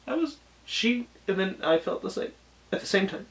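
A man's voice: sits high, animated, normal speed. A man reviewing an anime episode in casual talk, gushing and emotional, rambling with many restarts and trailing thoughts.

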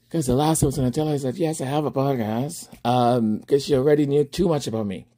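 Male podcast host, casual storytelling, mellow tone, husky voice, laughs and acts out dialogue. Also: mid-range voice, quick pace, hardly any pauses. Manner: animated, laughing, acts out both sides of a dialogue.

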